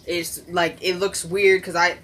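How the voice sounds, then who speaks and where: A woman's voice: lowish voice, little pitch movement, a little slow, fairly bright tone, a little hiss or hum. A woman chatting casually into her phone camera in her living room, recapping a TV episode and acting out the characters' lines. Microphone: phone camera propped on something.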